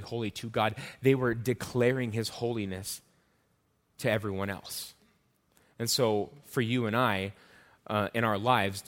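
A male pastor preaches in an earnest, conversational way, often pausing and restarting his phrases. His voice sits a little low, and a long reverb hangs on every line, as if he stands in a large hall. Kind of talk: sermon.

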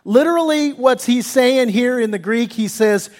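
A man's voice: very high voice, normal speed, darkish tone, long reverb tail. A male pastor preaching a sermon in a church sanctuary, talking in a folksy, conversational way with stumbling restarts.

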